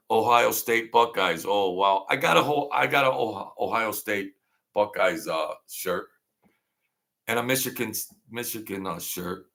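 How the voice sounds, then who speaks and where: A man with a low, gravelly voice that sounds pushed and bright hosts a casual livestream. He rambles while greeting viewers by name and answering their comments.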